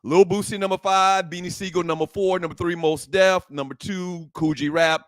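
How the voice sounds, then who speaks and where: Teasing high-voiced male podcast co-host. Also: steady tone, normal speed, fairly bright tone, dry recording. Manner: teasing, playful, laughs often. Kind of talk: casual sports talk banter.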